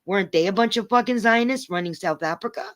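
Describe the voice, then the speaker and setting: A woman's voice: medium pitch, quick pace. A woman livestreaming, ranting angrily at her chat and swearing in a confrontational way.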